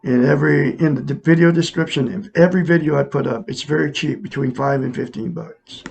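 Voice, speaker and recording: A man with a gravelly, slightly husky voice, sitting somewhat high for a man, gives a casual self-help talk. He speaks earnestly and circles back over the same points, pressing them on his viewers. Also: steady tone, brisk, a little mellow, highs cut off. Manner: earnest, repetitive, addresses viewers as folks. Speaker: self-help video host. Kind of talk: casual monologue to camera.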